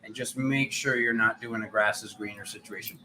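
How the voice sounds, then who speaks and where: A man's voice: lowish voice, fairly even intonation, moderate pace, pushed and bright, rough recording. Chatty man giving tarot readings. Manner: chatty, rambling, self-mocking. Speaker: tarot reader. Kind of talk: casual live-stream chat.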